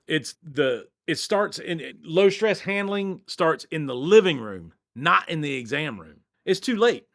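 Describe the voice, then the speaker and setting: A middle-aged man, talking as a podcast guest in an animated, blunt, joking way with some cursing. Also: fairly high pitch, measured pace. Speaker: dog training company owner, guest. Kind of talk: energetic podcast interview.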